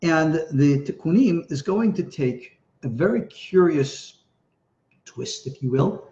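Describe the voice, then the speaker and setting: A man's voice: mid-range voice, a little mellow. An American man, a rabbi, teaching an informal Torah class in a chatty, digressive way. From United States. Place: home studio in Tennessee. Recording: roomy, dull-sounding room recording.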